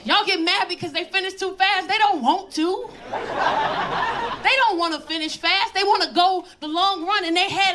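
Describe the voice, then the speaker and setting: A high-pitched woman works a comedy club stage, telling stories boldly and slipping into voices for the people in them. The live recording carries loud crowd laughter and steady room noise around her handheld mic. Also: moderate pace. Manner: bold, loud, animated storytelling with put-on voices. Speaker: stand-up comedian. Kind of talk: stand-up comedy set.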